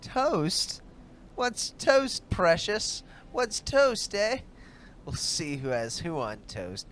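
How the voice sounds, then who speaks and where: A man's voice: high-pitched, huge pitch swings, very slow, a bit bright, a little hiss or hum, pitched above the performer's own voice, exaggerated voice. A man voicing a brash, touchy young male elf adventurer in a raised, strained voice that cracks. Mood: mocking.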